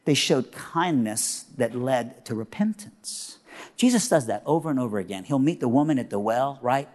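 A man preaching as a guest speaker, telling a story in an animated, humorous way. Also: mid-range voice, normal speed. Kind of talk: sermon storytelling. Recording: long reverb of a big hall.

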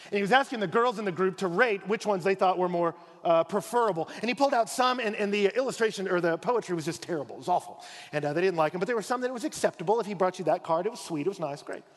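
Male pastor, high voice, animated storytelling sermon, long hall reverb. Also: racing, hardly any pauses. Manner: animated storytelling, acting out voices, dropping low and soft for emphasis.

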